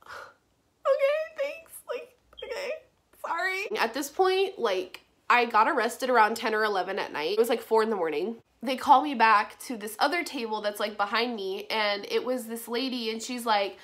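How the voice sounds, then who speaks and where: A young woman with a slightly high voice recounts a personal story in a casual vlog. She talks in a chatty way, dropping "like" often and swearing freely as she retells it. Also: normal speed, few pauses, fairly bright tone. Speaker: vlogger.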